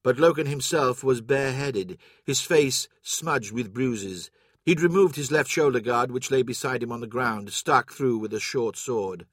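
A man reads a story aloud in a measured, steady manner. His voice sits at a middle pitch, and the recording is dry and close. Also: husky, no room sound. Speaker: audiobook narrator. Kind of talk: scripted story narration.

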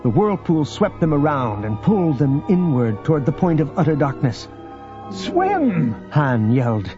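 A man reads an audiobook in a steady, expressive storytelling voice. The audio is dull and lo-fi. Music plays underneath the narration. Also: on the high side, moderate pace. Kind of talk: scripted narration.

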